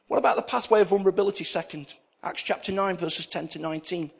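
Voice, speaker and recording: High, gravelly-voiced man preaching. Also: fast, slight background noise. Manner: storytelling preacher who acts out dialogue in anecdotes; repeats key phrases for emphasis. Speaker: pastor. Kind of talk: sermon.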